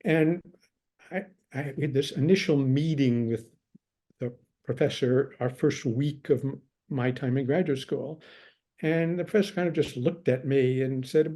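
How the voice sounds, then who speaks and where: A man's voice: mid-range voice, measured pace. An older man, a scholar being interviewed, telling long wry stories about his past and acting out what others said. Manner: wry anecdotal storyteller, quotes others in lively tones. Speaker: guest scholar. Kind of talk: relaxed storytelling in conversation.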